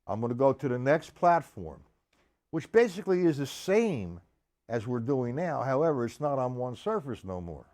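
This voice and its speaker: A man with a fairly high pitch and darkish tone teaches a drum lesson live-streamed from an indoor drum studio. Through the live stream microphone you hear him counting beats and calling students by name, with drums playing in the background.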